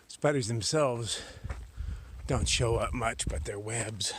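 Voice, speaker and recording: A man vlogging alone on a forest trail at night, chatting casually to a handheld camera as he walks, sometimes dropping to a hushed whisper. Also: mid-range voice, slow pace, a little hiss or hum. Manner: chatty, drifting between normal voice and hushed whispers. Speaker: solo long-distance hiker vlogging. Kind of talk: casual talk to camera while hiking.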